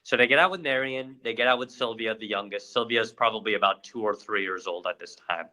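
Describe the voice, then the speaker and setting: A young man co-hosting a podcast, recounting events with lively energy. His voice is bright and forceful. He tells the story casually and animated. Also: fairly low pitch, quick pace, low-quality recording. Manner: animated retelling with acted-out quotes. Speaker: podcast co-host.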